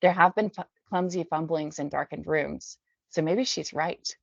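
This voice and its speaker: A woman from the Bay Area, a podcast guest, reading her memoir aloud in a measured, subdued way. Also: deep voice, vocal fry, no room sound. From San Francisco Bay Area. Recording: dull dry lo-fi recording.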